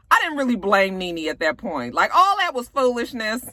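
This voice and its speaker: A woman's voice: on the high side, sing-song, moderate pace, few pauses, pushed and bright, no room sound. A woman recapping a reality show in casual chat, sassy and profane, acting out quotes. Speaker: TV recap vlogger.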